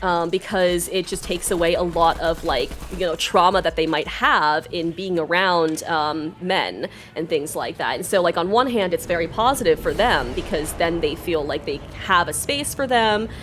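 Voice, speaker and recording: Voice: mid-range voice, normal speed, few pauses, fairly bright tone, faint music behind. A nonbinary livestreamer chatting casually and earnestly while gaming, rambling with many fillers. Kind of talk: casual chat while playing a game.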